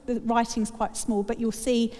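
A woman delivers a sermon with a chatty, wry humour. Her voice sits somewhat high. The sound carries a long reverb, as in a church hall. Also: level tone, moderate pace, dark tone. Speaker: preacher.

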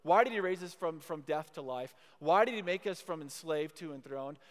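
A man preaching a sermon to a university gathering, emphatic and repetitive, leading into a quiet prayer. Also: on the high side, expressive, moderate pace. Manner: emphatic, repeats key phrases, then drops to a hushed prayer. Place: university chapel or hall. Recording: long hall reverb.

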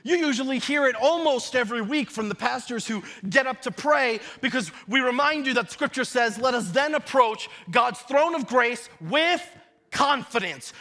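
A young man preaching a sermon, moving between casual storytelling asides and loud emphatic shouted declarations. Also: very high-pitched, animated, moderate pace. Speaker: pastor.

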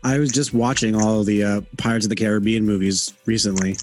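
A man's voice: on the low side, a little fast, a little mellow, soft background music. A man hosting a casual podcast, rambling along with lots of fillers and restarts. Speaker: podcast host.

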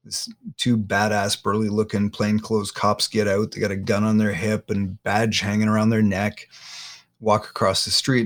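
A man, a guest in an interview, retelling a painful personal story haltingly, often repeating words. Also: on the low side, vocal fry.

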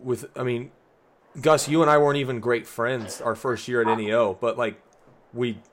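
A young man co-hosting a casual talk about faith, earnest and relaxed, saying "like" often. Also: medium pitch, normal speed, a little hiss or hum. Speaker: podcast co-host.

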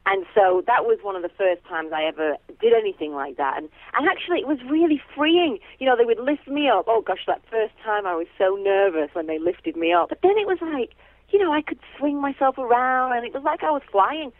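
A woman actress chatting as a guest, warm and chatty with lots of fillers and easy laughs. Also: on the high side, lively intonation, a little fast, no room sound. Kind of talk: casual phone interview. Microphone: telephone. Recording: tinny phone line.

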